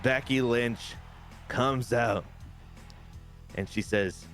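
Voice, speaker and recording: A man giving a casual recap of his wrestling game league, excitable and swearing now and then. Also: on the low side, normal speed, faint music behind. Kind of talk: casual gameplay recap commentary.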